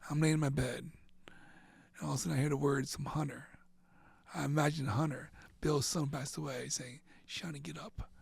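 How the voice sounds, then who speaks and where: A man's voice: fairly high pitch, level tone, brisk, creaky, darkish tone, slightly rough, no room sound. A middle-aged man from central Florida, an interview guest, telling an emotional story in a rambling way, often saying "and all of a sudden" and sometimes dropping almost to a whisper.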